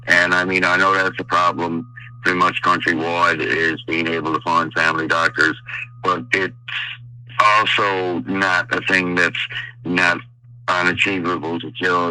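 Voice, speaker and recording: A man speaking as a housing advocacy spokesperson in a radio interview by phone, halting with many fillers and restarts. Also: low voice, pushed and bright, rough recording. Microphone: phone line.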